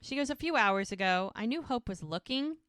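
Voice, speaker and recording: A woman's voice: on the high side, animated, brisk, a bit bright, smooth, no room sound, clean studio sound. A woman co-hosting a podcast, casually retelling a TV episode by quoting the characters' lines in turn. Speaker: podcast co-host.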